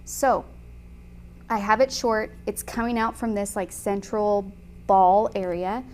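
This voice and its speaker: A woman teaching watercolor painting in a chatty, enthusiastic way, often pausing with "um" while she talks. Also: mid-range voice, fairly even intonation, a little mellow, slight background noise. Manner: chatty and enthusiastic, frequent "um" fillers. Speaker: watercolor instructor. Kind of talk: casual tutorial chat while painting.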